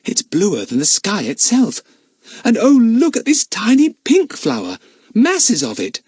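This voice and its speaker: A man voicing a timid, gentle young girl who talks in a soft, anxious way. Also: high voice, wildly swooping pitch, measured pace, husky, no echo, studio quality, pitched above the performer's own voice, exaggerated voice. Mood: delighted.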